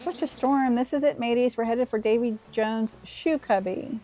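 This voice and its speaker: A woman's voice: fairly high pitch, normal speed, warm tone, voice pushed up, natural voice, rough recording. A woman voicing a blustery, pun-loving male seagull who talks like a pirate, growling "arr" as she reads his lines from a game. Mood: hammy pirate.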